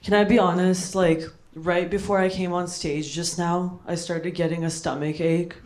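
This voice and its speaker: A young American woman with a lowish, steady voice does stand-up at an open mic in a London comedy club, speaking at a normal pace. She rambles and mocks herself, using "like" and "bro" a lot, while the noisy live audience laughs.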